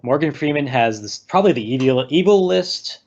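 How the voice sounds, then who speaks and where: A man's voice: a little high, animated, moderate pace, a little mellow. Man casually retelling a movie plot. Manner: rambling retelling, acting out lines with laughs. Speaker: podcast co-host recapping a movie. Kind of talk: casual chat. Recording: slightly dull lo-fi recording.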